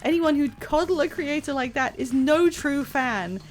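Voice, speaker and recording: A woman's voice: high voice, normal speed, lightly acted. Woman reading as a scornful comic-fan man. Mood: indignant. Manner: indignant, scornful. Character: grumpy purist male comic fan.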